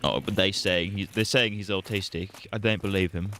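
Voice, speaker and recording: Brief: streamer doing a ranting British dad in a wobbly put-on accent, bright and pushed voice. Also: male voice, deep voice, fairly even intonation, moderate pace, a little hiss or hum. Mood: blustering. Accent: put-on British, drifting toward Irish. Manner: blustering, ranting, exaggerated disbelief. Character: exasperated British dad, middle-aged man, loud and blustering.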